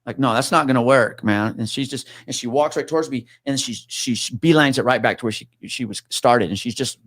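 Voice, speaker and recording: A man's voice: mid-range voice, fairly quick, fairly bright tone, no room sound, studio quality. A man telling a story in casual chat, swearing freely and acting out the people in it. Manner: swears freely, acts out quoted voices.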